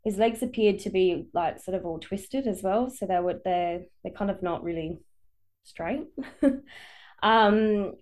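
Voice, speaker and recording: A woman's voice: mid-range voice, unhurried, darkish tone. A woman from Perth, Australia, walking co-hosts through a case in casual podcast chat, hedging and laughing easily. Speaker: podcast co-host presenting a case.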